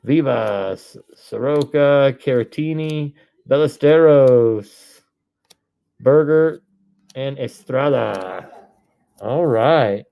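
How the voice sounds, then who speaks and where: A man, hosting a live card break stream, reading off names and breaking into excited shouts. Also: medium pitch, very slow, gravelly, long pauses.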